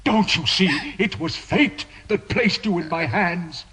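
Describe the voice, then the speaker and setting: A tormented, obsessive priest in a radio drama, his anguished pleas drawn out slowly. He swings from hushed longing to outbursts, in a somewhat raised voice. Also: high voice, a crowd in the background, rough recording. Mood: anguished confession. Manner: anguished, pleading, veering from hushed to shouting. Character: tormented obsessive male priest, middle-aged.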